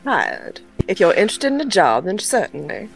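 Woman voicing a sweet-talking ship captain, folksy, blunt, animated. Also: mid-range voice, moderate pace, vocal fry, faint music behind. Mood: businesslike.

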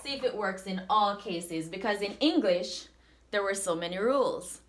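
A woman with a Jamaican accent teaching a language lesson, saying words slowly and repeating them for practice. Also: medium pitch, a little hiss or hum. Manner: slow, repeats words for drilling.

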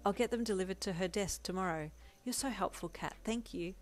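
A woman voicing a cheerful, bashful young male hero who talks softly and eagerly, in a storybook reading. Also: mid-range voice, brisk, lightly acted. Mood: affectionate. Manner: soft, eager and sweet.

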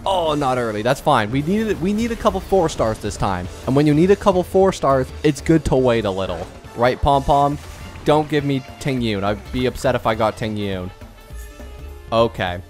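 A man's voice: medium pitch, very animated, moderate pace, darkish tone, soft background music. A young man doing casual, self-mocking commentary while pulling on a gacha game, pleading and bargaining with it as he goes. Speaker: gaming YouTuber.

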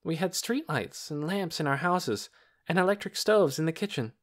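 A man voicing an earnest, determined young girl in an audiobook, blunt and quick to protest. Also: fairly high pitch, animated, pitched above the performer's own voice, natural voice. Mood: curious. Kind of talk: audiobook character reading.

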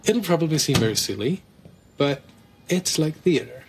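An easygoing young host, film clip. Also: male voice, on the high side, expressive, moderate pace. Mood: inviting. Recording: film clip with clear background noise.

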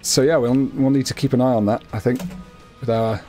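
A man's voice: medium pitch, fairly even intonation, a little fast, mellow, soft background music. A young man casually chatting through a co-op strategy game, chatty and self-amused. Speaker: game commentator. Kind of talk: casual co-op gameplay chat.

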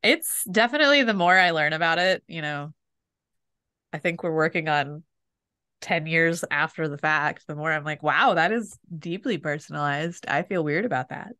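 Podcast co-host: middle-aged woman, low-ish voice, wry and self-mocking, dry booth sound. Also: moderate pace, bright, forceful tone, dry recording. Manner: wry storyteller, self-deprecating. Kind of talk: casual chat.

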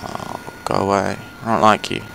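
A man's voice: on the low side, wildly swooping pitch, normal speed, creaky. A young man chatting casually as he plays a game, rambling with fillers and swearing at enemies. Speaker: gaming channel host. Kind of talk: casual let's play commentary. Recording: noisy home recording.

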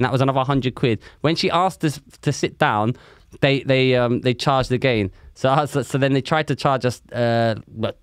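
A man's voice: medium pitch, smooth, no room sound, studio quality. A man telling a story on a casual podcast, laughing often and swearing freely. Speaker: podcast co-host. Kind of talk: casual chat.

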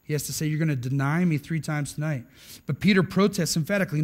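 A man's voice: on the high side, quick pace, darkish tone. A middle-aged man preaching a sermon in an emphatic, conversational way, often tagging lines with "right?". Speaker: pastor.

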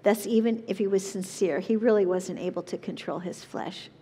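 A woman leading a Bible study, reading verses aloud and explaining them in an earnest, measured way. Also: medium pitch, dark tone, big-room sound, slight background noise. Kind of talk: reading and teaching scripture.

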